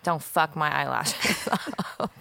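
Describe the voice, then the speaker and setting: A woman's voice: low voice, expressive, slow, gravelly, pushed and bright, dry recording. A woman co-hosting a podcast, telling personal stories bluntly with lots of swearing. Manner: blunt, profane, teasing. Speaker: podcast co-host. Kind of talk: casual chat and storytelling.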